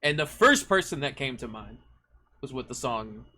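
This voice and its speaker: A man's voice: medium pitch, animated, normal speed, pushed and bright. A young man and songwriter talking casually, rambling reflectively and using many fillers. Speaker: songwriter, stream co-host. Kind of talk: casual chat.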